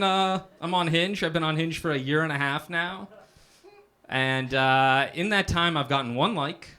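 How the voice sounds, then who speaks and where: A young stand-up comedian with a bright, forceful voice on the high side pokes fun at himself before a live comedy club audience, regularly asking "right?" after a punchline.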